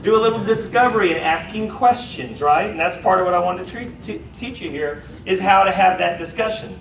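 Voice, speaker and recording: A man giving a motivational sales talk to a live audience, lively and joking, often checking in with the room. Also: high voice, a little fast, creaky. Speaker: sales trainer. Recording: echoey room, voice from far off, faint noise.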